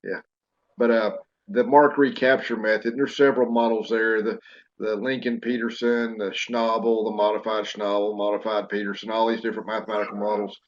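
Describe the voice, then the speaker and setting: A man with a Southern US accent, a wildlife professor explaining field methods in a casual, unhurried way with many fillers. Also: fairly low pitch, level tone, dull audio. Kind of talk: casual educational discussion.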